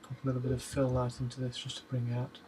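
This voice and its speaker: Man, mid pitch, easygoing self-talk while editing, faint background noise. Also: fast. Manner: relaxed, muttering to himself as he works, hums while waiting. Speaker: photo editing vlogger. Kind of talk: casual talk-through of a photo edit.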